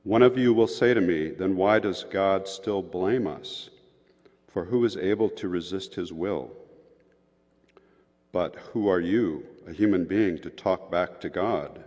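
A man giving a formal scripture reading in a measured, solemn way. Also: low-pitched, a little mellow. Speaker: scripture reader. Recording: muffled, echoey hall sound.

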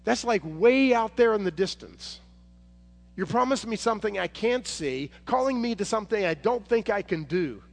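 A man's voice: a little high, lively intonation, normal speed, vocal fry. A male preacher voicing Moses as a reluctant, anxious shepherd who protests in a rising, pleading voice. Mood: doubtful. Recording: hall reverb, faint noise.

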